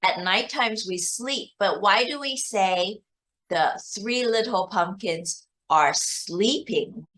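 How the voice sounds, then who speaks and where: A woman English teacher tutoring a young child one-on-one, asking slow, patient, deliberate questions. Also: mid-range voice, fairly bright tone.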